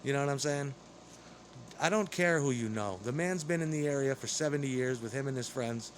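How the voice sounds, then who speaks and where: A man's voice: medium pitch, brisk, a little hiss or hum. A man delivering an angry, rambling, profane monologue straight to camera.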